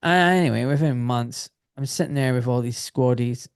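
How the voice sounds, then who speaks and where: A man's voice: medium pitch, normal speed, clean tone, no echo, clean studio sound. A middle-aged man with a British accent, a former doctor telling his story as a podcast guest. He talks casually, swears freely and acts out what others said. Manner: animated, swears, acts out quoted voices.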